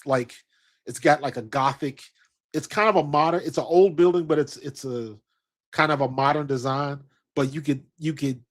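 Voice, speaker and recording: A middle-aged man from the United States spins a casual travel story in a loose, slangy ramble. He circles back on himself constantly, restarting sentences and tossing in asides as he goes. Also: mid-range voice. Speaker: sports stream host.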